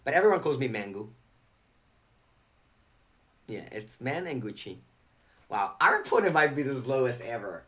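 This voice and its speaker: A man's voice: medium pitch, big pitch swings, normal speed, long pauses, a bit bright. A young man talks through a card game on a live stream, chatty and loose. He reads viewer questions aloud and answers them. He is close to the mic.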